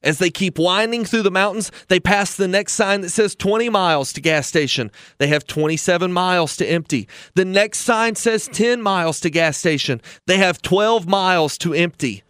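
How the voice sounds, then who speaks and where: A man's voice: high-pitched, moderate pace, few pauses, a bit bright, clean tone, dry recording, studio quality. A man hosting a retirement planning podcast, telling a story in an earnest, persuasive way.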